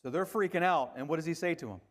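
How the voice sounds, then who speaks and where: A man delivering a sermon as a pastor, talking conversationally and swinging from hushed, quiet lines to emphatic ones. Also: fairly high pitch, fast talker.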